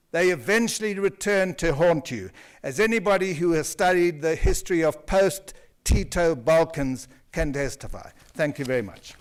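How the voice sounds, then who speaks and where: A man closing his conference remarks in a slow, grave, admonishing tone. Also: on the high side. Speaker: panel speaker. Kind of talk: conference talk. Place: conference hall.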